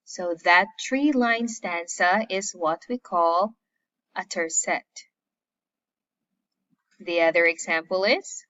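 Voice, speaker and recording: A woman teaching a recorded lesson. She speaks deliberately and stresses each term in a list. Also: medium pitch, bright, forceful tone. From Philippines. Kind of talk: recorded classroom lecture. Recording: slightly muffled lo-fi audio.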